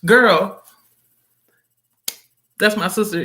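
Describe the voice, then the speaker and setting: A woman's voice: medium pitch, takes it slowly, long pauses. A woman hosting a casual livestream, chatting with viewers, reading their comments aloud and drifting between topics with frequent laughter. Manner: expressive, laughs often. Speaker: livestream host of a reading session.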